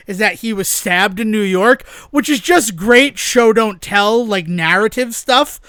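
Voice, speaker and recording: A man with a notably high, clean and resonant voice, recorded close and dry with no room sound. He co-hosts a podcast in loose, casual chat, rambling with enthusiasm and breaking into laughter often. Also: measured pace, bright, forceful tone, smooth, no room sound. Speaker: podcast co-host.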